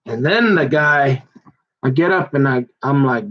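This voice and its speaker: Man, rambling personal account, aggrieved and heated, average pitch, muffled lo-fi sound. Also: lively intonation. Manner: rambling, halting, full of restarts and asides. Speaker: son recounting a family conflict.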